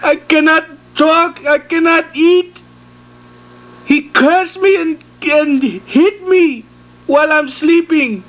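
A prank caller playing a distressed male cab driver with ruined teeth, in halting broken English and panicky wails. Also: high-pitched, a bit bright, low-quality recording. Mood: pleading. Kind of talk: prank phone call.

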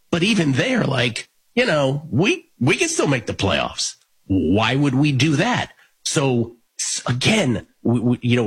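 A man hosts a casual sports betting talk show. His voice is raspy and husky, and his pitch swings around a lot as he rambles and restarts his points. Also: fairly bright tone.

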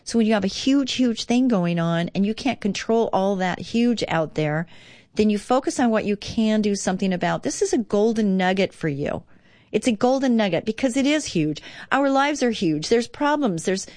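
A woman hosting a devotional radio talk show, speaking earnestly and slowly reading passages. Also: mid-range voice, darkish tone, no room sound, studio quality.

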